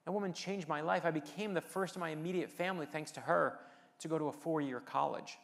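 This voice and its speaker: A man's voice: fairly high pitch, quick pace, vocal fry, fairly bright tone. A middle-aged man from the United States delivering a motivational speech, telling personal stories with light humor and rallying the audience. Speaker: keynote speaker and novelist.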